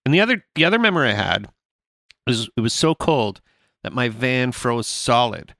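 A man's voice: medium pitch, very animated, normal speed, gravelly, fairly bright tone, dry recording, clean studio sound. A man hosting a podcast, telling rambling stories in casual chat and laughing often. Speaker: podcast host.

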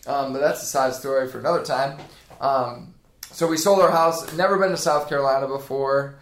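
In an echoey room, the Indiana trainer in his thirties talks at a fairly quick clip in a medium-pitched voice. As a podcast guest in a casual interview, he's laid-back and rambling, leaning on plenty of fillers.

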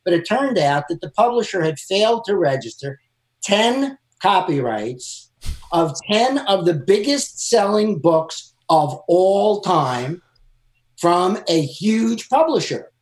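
A man's voice: high voice, sing-song, slow, roomy sound. A man who works as a lawyer, giving firm, emphatic advice during a panel discussion. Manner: emphatic, advising.

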